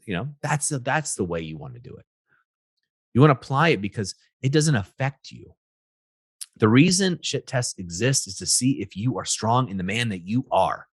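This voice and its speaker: A man's voice: mid-range voice, big pitch swings, normal speed, breathy edge, no room sound, studio quality. A middle-aged man hosting a motivational talk show, speaking emphatically and often checking in with "right?" and "guys.". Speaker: podcast host, relationship coach. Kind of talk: motivational monologue.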